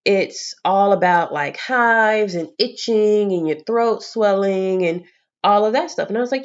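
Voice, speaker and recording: A young woman vlogging, telling a story casually to camera in an animated, expressive way with casual swearing. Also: medium pitch, a little slow, clear, resonant tone, dull audio.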